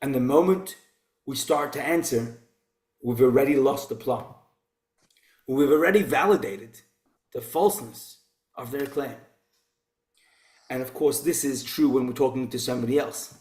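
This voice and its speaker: A man's voice: mid-range voice, normal speed, pauses often, a little mellow. A man teaching an informal Torah class in a conversational way, posing rhetorical questions. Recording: roomy echo.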